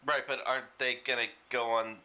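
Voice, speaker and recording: A man's voice: mid-range voice, flat delivery, brisk, pushed and bright, dull audio. A man playing a tabletop game, thinking his moves through aloud. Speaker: player. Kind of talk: casual tabletop game play.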